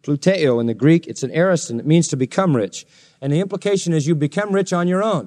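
A male pastor preaching an expository sermon, animated and jokey, slipping into mocking sarcastic voices. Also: a little high, fast talker. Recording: long reverb of a large hall.

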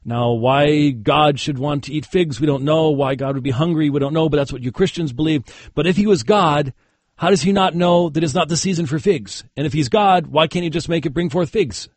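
A man's voice: fairly high pitch, fairly quick, dry recording, pitched above the performer's own voice, lightly acted. A man putting on an insistent questioner. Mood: challenging. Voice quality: thick accent, insistent questioning. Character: male audience questioner challenging a debater.

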